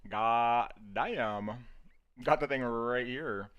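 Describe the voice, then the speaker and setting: A man's voice: mid-range voice, drawn-out words, clear, resonant tone, dull audio. A man giving casual live-stream commentary on his trades. He swears freely, laughs often and keeps checking in with viewers by asking "right?". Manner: profane, excitable, laughs often.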